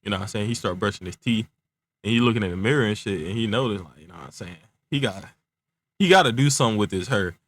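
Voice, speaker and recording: Young male storyteller, low-pitched, relaxed and rambling, slightly stumbling speech from aligners. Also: fast talker, no room sound. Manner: laid-back slang, constant filler phrases, stuttering. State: talking around clear aligners. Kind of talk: casual improvised storytelling.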